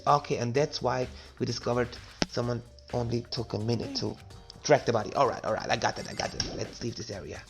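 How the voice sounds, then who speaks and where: A man's voice: medium pitch, fairly quick, over music. A man casually commenting while he plays a video game, joking and reading the game text aloud. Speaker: let's play gamer.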